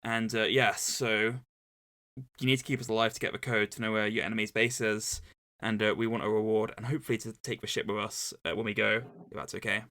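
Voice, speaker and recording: A man's voice: fairly low pitch, little pitch movement, pushed and bright. A man telling it as a stammering hero bluffing his way out. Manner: halting, rambling bluff with many stammers. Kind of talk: casual retelling of a scene.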